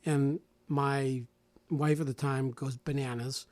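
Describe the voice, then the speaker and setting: A man in his forties telling a personal story in casual radio talk, animated and acting out other people's lines, often restarting and repeating words. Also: mid-range voice, slow pace, no room sound. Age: 40s.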